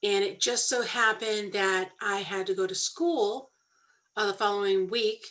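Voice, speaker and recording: A woman candidly telling her own story on a talk show, earnest and animated when she quotes others. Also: medium pitch, measured pace, rough recording. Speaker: podcast co-host sharing her story.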